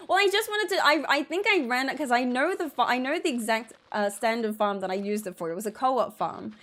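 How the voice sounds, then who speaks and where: Higher-voiced woman ranting over gameplay. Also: fairly quick, fairly bright tone. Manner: rambling, exasperated, jokey complaining. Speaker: streamer. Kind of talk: gameplay commentary.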